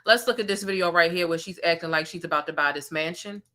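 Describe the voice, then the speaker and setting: Woman commentary host, sassy and animated, bright tone. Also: on the low side, fast talker. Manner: sassy, animated, talks straight to viewers. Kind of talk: casual gossip commentary.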